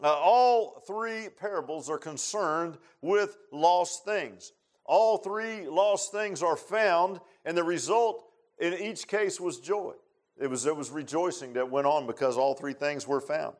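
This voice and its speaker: A man's voice: on the high side, unhurried. A man preaching a sermon, reading scripture in old wording, then praying and talking with many "uh"s.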